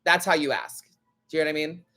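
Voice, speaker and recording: A man's voice: fairly high pitch, fast talker, pushed and bright. A man hosting a live tarot stream, chatting casually in a blunt, sassy way and swearing freely. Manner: blunt, sassy, swears freely, acts out other people's lines.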